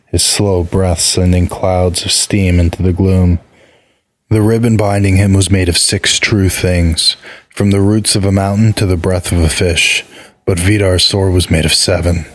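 A man reads a fantasy story aloud in a steady, unhurried voice. His voice sits low, and the recording is close and dry with no room sound. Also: no room sound. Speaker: narrator. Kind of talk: scripted fantasy narration.

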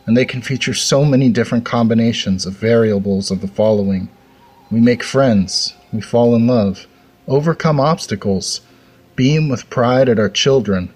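A man's voice: mid-range voice, darkish tone. A man hosting a fiction podcast, speaking in a reflective way after a story. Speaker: podcast host. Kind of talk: reflective outro commentary.

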